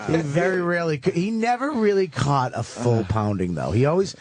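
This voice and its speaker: Profane, animated man telling stories. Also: fairly high pitch, a little fast, over a noisy crowd. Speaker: comedian. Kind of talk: casual radio talk. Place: radio studio.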